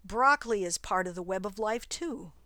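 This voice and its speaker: A woman doing a calm wise old spider. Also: mid-range voice, normal speed, no echo, clean studio sound. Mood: musing. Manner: calm, philosophical, gently teasing. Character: wise calm female garden spider nearing death.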